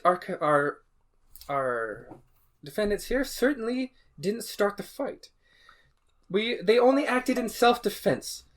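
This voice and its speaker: A man's voice: high-pitched, pitched above the performer's own voice. A man voicing a female elf advocate who pleads a case formally in court.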